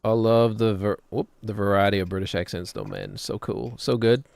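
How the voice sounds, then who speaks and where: A man's voice: on the low side, steady tone, moderate pace, creaky, darkish tone, no room sound. A man, streaming a game and chattering casually, rambling and joking as he plays. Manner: rambling, jokey, drifts into put-on British voices.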